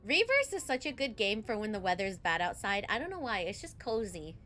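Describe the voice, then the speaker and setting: A woman's voice: medium pitch, sing-song, a little fast, fairly bright tone, faint music behind. A young adult woman streaming a game, chatting casually and giggling, saying "like" a lot.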